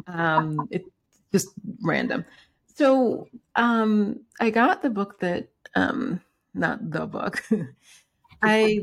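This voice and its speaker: A woman from New York City hosting an interview, talking in a rambling casual way with many restarts. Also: lowish voice. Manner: rambling, many restarts and fillers, laughs often. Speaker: podcast host.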